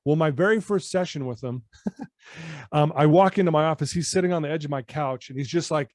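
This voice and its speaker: A man with a slightly high voice tells a story as a podcast guest. He acts out the people he quotes with animated shifts. The recording is close and dry, with no room echo. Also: brisk. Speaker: personal-development coach, podcast guest. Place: his office at home.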